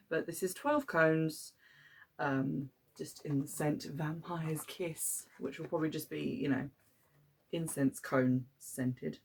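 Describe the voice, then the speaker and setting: A woman's voice: fairly low pitch, a little hiss or hum. A woman, casually chatting through an unboxing with lots of ums and frank opinions. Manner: chatty, hesitant with many ums, mildly critical. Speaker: podcast host unboxing a subscription box.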